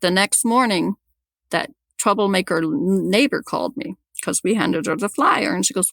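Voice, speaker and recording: A woman guest recounting something that happened to her, talking in a gravelly, creaky voice. She often restarts and repeats words mid-thought. The sound is close and dry. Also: mid-range voice, moderate pace, a bit bright, dry recording. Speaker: podcast guest telling her story. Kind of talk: personal storytelling.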